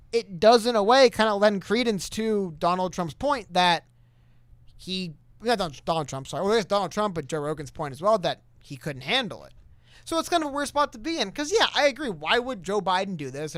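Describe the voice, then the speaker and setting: A man's voice: sits high, a bit bright, no room sound. A man co-hosting a casual political chat over a call, rambling and reading quotes aloud with many restarts. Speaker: podcast co-host. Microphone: webcam call mic.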